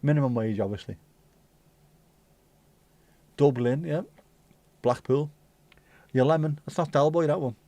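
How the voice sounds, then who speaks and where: A man's voice: on the high side, measured pace, pauses often, darkish tone, no room sound. A man hosting a livestream, chatting casually and swearing as he reads out and banters with viewer comments. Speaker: livestream host. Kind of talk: casual chat reading out live chat.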